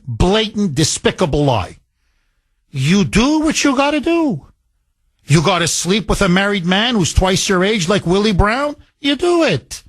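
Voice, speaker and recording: A man's voice: high voice, fairly bright tone, no room sound. A man hosting a political talk radio show, speaking in a heated, emphatic way and driving his points home with repetition.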